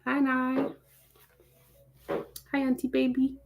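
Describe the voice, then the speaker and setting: A woman's voice: high-pitched, completely flat delivery, takes it slowly, lo-fi sound. A woman hosting a live stream, greeting her viewers by name in a casual, chatty way. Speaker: livestream host.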